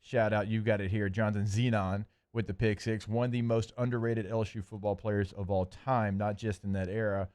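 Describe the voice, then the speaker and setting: A man co-hosting a sports radio show, telling animated stories about past games with lots of "like". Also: lowish voice, a little fast, hardly any pauses, smooth. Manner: animated storytelling, fillers like "like". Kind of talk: casual sports radio chat.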